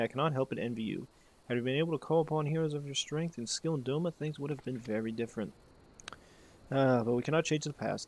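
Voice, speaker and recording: A man reading as a solemn refugee elder, gravelly and formal. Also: medium pitch, darkish tone, close to an everyday voice, poor audio. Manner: solemn, formal old-fashioned phrasing. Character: earnest grateful male refugee elder.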